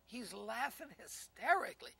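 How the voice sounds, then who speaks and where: An old man in his eighties spins a comic anecdote with a gravelly, husky voice. His pitch swings widely as he exclaims and laughs through the telling, and the tone stays bright. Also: very animated, normal speed, no room sound. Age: 80s. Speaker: comedian and entertainer.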